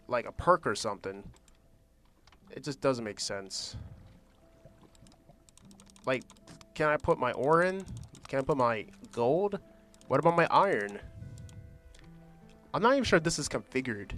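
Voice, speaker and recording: A man's voice: medium pitch, fairly bright tone, slight background noise. Casual man rambling over gameplay. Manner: casual, thinks aloud, trails off and restarts. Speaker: gaming channel host.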